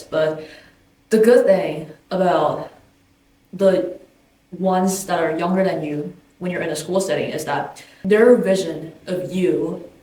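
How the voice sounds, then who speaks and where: A woman giving a candid, thoughtful personal reflection as a documentary interviewee. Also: on the low side. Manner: candid, thoughtful, with casual fillers. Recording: roomy distant mic. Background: soft guitar music.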